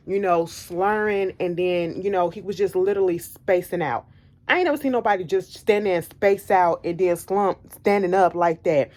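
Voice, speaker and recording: A woman vlogger telling a story in casual chat, animated and emphatic, repeating her points bluntly. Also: fairly low pitch, normal speed.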